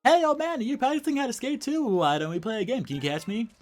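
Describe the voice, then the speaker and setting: Guy doing a squeaky high cocky skater critter from a video game, teasing and sing-songy. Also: quick pace, a little mellow, faint music behind. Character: cocky young skating creature taunting the player.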